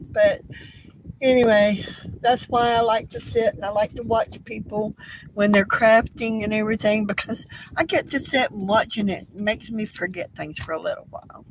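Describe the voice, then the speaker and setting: An older woman with a drawl chats on a homemade craft livestream, her voice sitting at an ordinary middle pitch. She talks in a halting, tearful way, pausing often and filling the gaps with soft "um"s and apologies. A faint hiss of background noise runs under her voice. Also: poor audio. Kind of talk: casual craft livestream chat.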